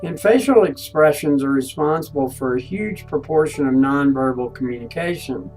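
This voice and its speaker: A man delivers a recorded course lecture in a somewhat high voice. He talks haltingly, often restarting words and filling pauses. Soft guitar music plays faintly behind him. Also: rough recording. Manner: halting, frequent restarts and fillers. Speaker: instructor.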